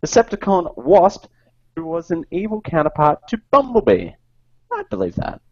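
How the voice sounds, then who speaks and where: A man co-hosting a casual podcast, reading trivia in a lively, swooping voice that breaks into laughter. The sound is dry and slightly dull, close to a home mic. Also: on the high side, moderate pace, no room sound. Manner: jokey, laughs often, animated reading. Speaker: podcast co-host.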